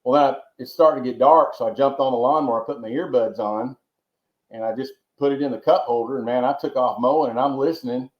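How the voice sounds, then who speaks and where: A Georgia man guests on a podcast, telling long, rambling stories at a quick pace in a medium-pitched voice, often repeating words and tossing in folksy asides. It's a casual storytelling interview, recorded with a roomy, dull, lo-fi sound.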